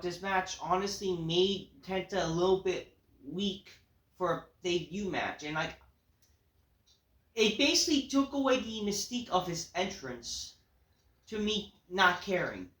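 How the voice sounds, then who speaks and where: A woman's voice: mid-range voice, a bit bright. A woman reviewing a wrestling show in a casual, profane rant full of fillers. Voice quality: casual, filler-heavy talk with lots of swearing. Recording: roomy echo.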